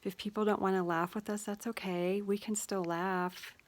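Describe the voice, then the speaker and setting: A woman hosting her own channel, giving a gentle, reflective spiritual talk with many fillers and pauses. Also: medium pitch, steady tone. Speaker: channel host.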